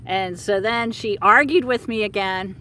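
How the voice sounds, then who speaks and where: Middle-aged woman rambling through a story, so-anyways type, animated, faint vehicle rumble in back. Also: measured pace. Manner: rambling, animated, many fillers and restarts. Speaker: horse care practitioner telling a client story. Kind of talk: casual storytelling.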